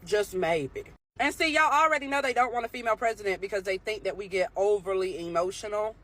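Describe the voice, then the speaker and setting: A woman's voice: mid-range voice, fast talker, fairly bright tone. A woman ranting casually to camera, swearing often and breaking into incredulous laughter. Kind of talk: profane casual rant to camera.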